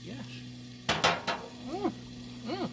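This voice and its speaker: A home cook vlogger with a high, sing-song voice speaks very slowly, offering playful, chatty cooking commentary outdoors and occasionally talking to the dogs. A loud sizzling griddle can be heard behind.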